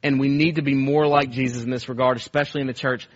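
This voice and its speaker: A man's voice: mid-range voice, fairly even intonation, quick pace, highs cut off. A male pastor preaching a sermon with passion, often repeating phrases and acting out quoted cries.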